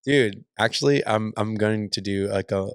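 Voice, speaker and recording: A man's voice: lowish voice, moderate pace, no room sound. A young man from Alaska, a musician guest, chatting in a dry, joking way with lots of restarts. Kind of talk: casual interview chat.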